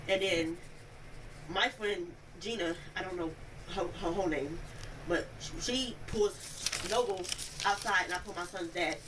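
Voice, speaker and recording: A young woman recounting an incident in an interview, telling it in a rambling, animated way and acting out the quoted speech. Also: fairly low pitch, a little slow. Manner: animated storytelling, acts out quoted speech, many "like" fillers. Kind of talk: rambling first-person account. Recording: distant mic, noisy room audio.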